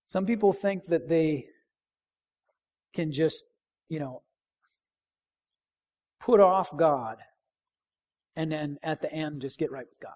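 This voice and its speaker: A middle-aged man preaching a sermon in a church, emphatic, repeating key phrases and dropping to a near hush for stress. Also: fairly high pitch, takes it slowly, pauses often. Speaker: pastor.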